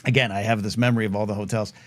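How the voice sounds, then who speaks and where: A man's voice: fairly low pitch, rapid-fire. A middle-aged man hosting a live talk show, telling a long rambling story with lots of fillers and restarts, and acting out the people in it. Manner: rambling, animated, full of fillers and restarts, acts out quoted voices. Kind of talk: casual storytelling monologue.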